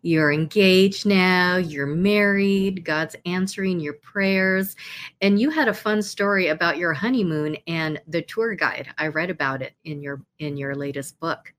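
A woman's voice: lowish voice, unhurried, fairly bright tone, a little hiss or hum. A woman hosting an interview, encouraging her guest with short affirmations. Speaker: interview host. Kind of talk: casual interview.

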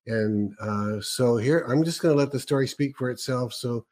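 A man hosting a ministry interview show, introducing a clip in a relaxed, conversational way. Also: medium pitch, moderate pace. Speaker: host.

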